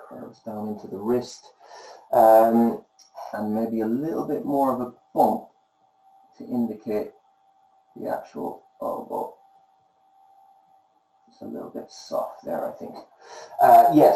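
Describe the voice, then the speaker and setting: A man giving gentle, encouraging feedback on student drawings as an art tutor, pausing often with fillers. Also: on the low side, echoey room, low-quality recording.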